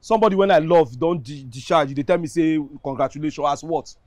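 A man's voice: a little high, fast, a little mellow, dry recording, clean studio sound, lightly acted. An actor playing a broke, eager young man in a film drama, speaking Nigerian Pidgin in a pleading, boastful way. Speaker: boyfriend in a film.

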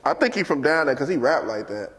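A man hosting a casual chat, loud and slangy, laughing often and breaking into excited bursts. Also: fairly high pitch, fast. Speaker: podcast host. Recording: roomy echo with long reverb.

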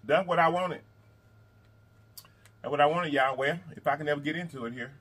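A man hosting a mukbang eating video in casual chat, animated and repetitive, calling his viewers y'all and honey. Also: a little high, fairly quick, husky. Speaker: mukbang host. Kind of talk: casual eating vlog talk.

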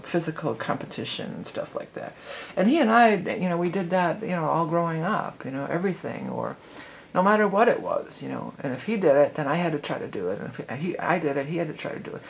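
Woman, middle-aged, low voice, chatty astrology host, faint background hiss. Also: fairly quick, creaky. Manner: chatty, animated, lots of "you know". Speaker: psychic astrology channel host. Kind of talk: casual rambling astrology talk.

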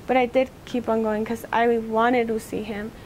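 A teenage girl speaks in a fairly high voice that stays level and even, with little rise or fall. She recounts a personal memory for an oral history interview in a halting way. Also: a little hiss or hum. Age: teens.

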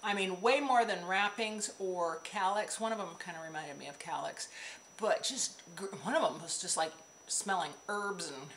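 A woman's voice: on the low side, moderate pace, fairly bright tone, slight background noise, poor audio. A woman vlogger chatting casually to the camera, rambling with asides while she shows small items. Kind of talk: casual chat.

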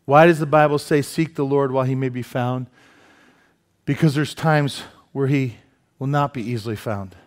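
Animated man preaching a sermon. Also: medium pitch, moderate pace. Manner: animated storytelling with asides and self-deprecating humor. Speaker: pastor. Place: church sanctuary.

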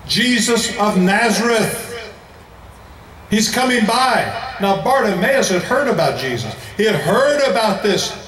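American preacher with a high voice in an echoey hall. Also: male voice, animated, fairly bright tone, recorded from a distance. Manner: emphatic, slows down for key phrases. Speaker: evangelist preacher. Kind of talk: evangelistic sermon to a large crowd. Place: large indoor event venue.

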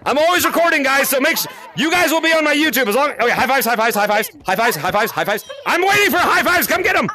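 A man creating YouTube content, chatting excitedly with fans inside a virtual reality game, talking into a headset mic in a shouty, giggly way and repeating words in quick bursts. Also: very high voice. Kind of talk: excited live gameplay chat with fans.

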